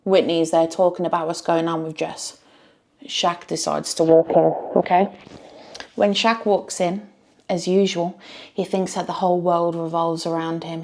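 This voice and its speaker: Woman vlogger, ranting reaction style, slightly low voice. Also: darkish tone. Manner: blunt, emphatic, repeats phrases, swears. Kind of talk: casual reaction commentary.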